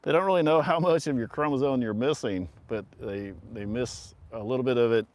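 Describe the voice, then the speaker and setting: A man's voice: medium pitch, fairly quick, a little mellow. Middle-aged male stream host; loose, rambling yarn-spinner who laughs through his stories and swears casually. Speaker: livestream host. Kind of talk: casual storytelling chat.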